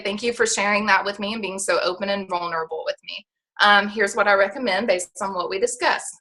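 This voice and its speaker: Bright, chatty young woman coaching. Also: mid-range voice. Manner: animated, chatty, lots of "like" and "okay?". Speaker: sales coach on a team call. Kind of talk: coaching talk on a call.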